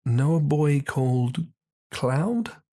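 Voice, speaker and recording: Raising his voice above its natural pitch, a man plays a gentle, anxious young village girl. He speaks softly and hesitantly, slowly and expressively.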